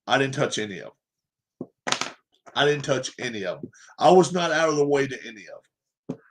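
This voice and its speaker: Very animated, with a mid-range voice and a moderate pace, a man hosts a sports livestream. His rant is strongly opinionated and emphatic, built on repeated points and rhetorical questions.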